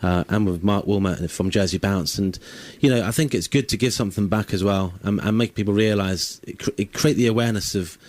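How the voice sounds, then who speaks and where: A man speaking as an interview guest, talking haltingly with many restarts. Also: fairly low pitch, a little mellow, no room sound. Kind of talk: casual interview chat.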